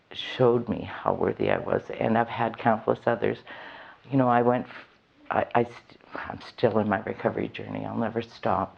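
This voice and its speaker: A woman's voice: rumbling low, creaky, muffled recording. A woman frankly telling her recovery story to a live audience, with a wry, self-mocking humor. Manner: candid, wry, laughs often at herself. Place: event hall with an audience.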